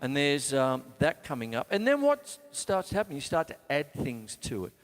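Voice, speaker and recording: A man's voice: fairly high pitch, huge pitch swings, normal speed, faint music behind. A man with an Australian accent teaching drums in a live online lesson, counting beats aloud as he plays. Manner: casual, counts beats aloud while playing. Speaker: drum teacher. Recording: reverberant room with loud drums.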